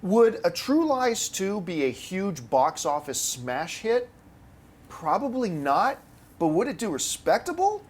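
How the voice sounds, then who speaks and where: A man hosting a casual movie news panel, arguing his points with animated bursts of emphasis. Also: sits high, slow pace, slightly rough.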